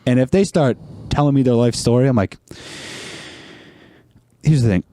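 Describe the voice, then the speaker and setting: A man's voice: mid-range voice, moderate pace, dark tone, dry recording, studio quality. A young man in his twenties talking casually as a podcast guest. He acts out voices in his stories and laughs often. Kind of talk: casual chat.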